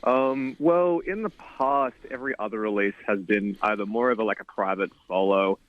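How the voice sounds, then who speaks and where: Male musician guest, lowish voice, thoughtful and unhurried, muffled dry phone-in audio. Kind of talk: interview answers. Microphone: call-in line. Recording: dull, dry call-in audio.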